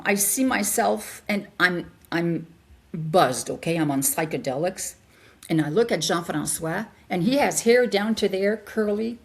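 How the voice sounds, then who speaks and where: An older woman with a creaky, mid-range voice tells a personal story as an interview guest. She's animated and acts out the voices of the people she quotes.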